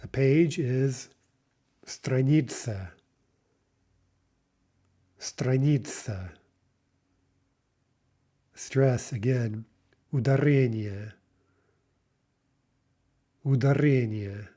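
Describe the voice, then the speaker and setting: A man teaching a vocabulary lesson, saying each word slowly and repeating it, with patient explanations. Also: mid-range voice, dark tone. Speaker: language teacher.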